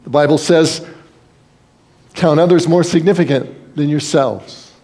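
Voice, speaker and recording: A man's voice: a little high, measured pace, mellow. A man preaching a sermon as pastor, in a conversational style, acting out quoted voices and sometimes repeating words.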